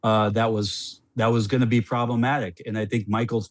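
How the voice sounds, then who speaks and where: A middle-aged man, a former player as podcast guest, telling a story in a rambling, animated way with many restarts. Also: on the low side, brisk, no room sound.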